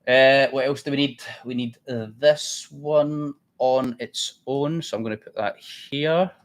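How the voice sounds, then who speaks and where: A man's voice: mid-range voice, a little slow. A man hosting a live trading stream, chatty and blunt, thinking aloud as he works. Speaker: trading livestream host. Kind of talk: casual live trading commentary.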